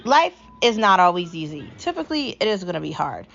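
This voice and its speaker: A woman's voice: lowish voice, big pitch swings, brisk, vocal fry, fairly bright tone. A woman hosting a podcast, giving an upbeat, encouraging motivational talk and repeating simple mantras. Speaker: podcast host. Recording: slightly dull lo-fi audio with faint hiss.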